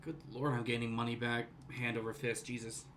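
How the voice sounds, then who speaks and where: A man streaming a video game, giving excitable casual commentary and chatting with his viewers. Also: mid-range voice, brisk, slight background noise. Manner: excitable, talks to chat viewers.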